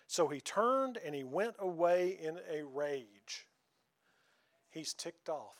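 A man's voice: a little high, expressive, slow. A man preaching a sermon in a folksy, conversational way, often asking the congregation questions.

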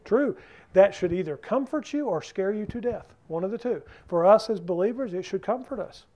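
High-voiced man teaching a Bible class. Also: lively intonation, moderate pace, warm tone, highs cut off. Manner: keeps asking the group questions.

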